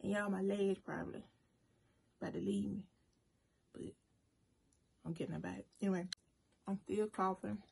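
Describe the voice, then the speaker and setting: A woman's voice: medium pitch, moderate pace, vocal fry, pauses often, a little hiss or hum. A woman food vlogger chatting through a long personal story while she eats, talking straight to her viewers. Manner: chatty, animated storytelling, addresses viewers as y'all. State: emotional at moments, briefly choked up. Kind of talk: casual storytime while eating.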